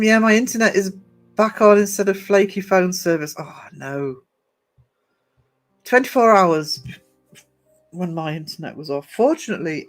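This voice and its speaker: A man with a high voice streaming live from the gym, chatty and teasing as he greets his viewers one by one. He sounds a bit worn out, laughs easily, and faint music plays behind him. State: low on energy. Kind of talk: casual live-stream chat reading out viewer comments.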